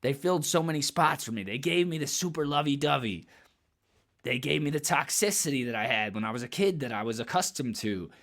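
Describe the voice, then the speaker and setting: A man's voice: mid-range voice, lively intonation, brisk, a bit bright. A man giving blunt, emphatic commentary in a casual vlog, swearing freely and repeating phrases as he builds his point. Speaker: commentary vlogger.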